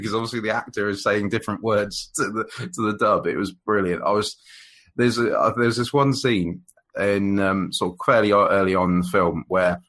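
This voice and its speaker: A man with a voice on the low side, a fairly bright tone, and a slightly fast pace co-hosts a podcast. In a rambling, casual review of an old monster film, he piles on fillers and restarts and laughs a lot.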